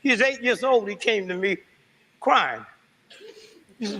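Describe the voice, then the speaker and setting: A man's voice: high voice, lively intonation, unhurried, pauses often, pushed and bright, slightly rough, poor audio. A man giving an impassioned, preaching-style speech to an audience that calls back to him, repeating his lines for effect. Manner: fervent, rhetorical, repeats lines with call-and-response. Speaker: speaker addressing a responsive audience.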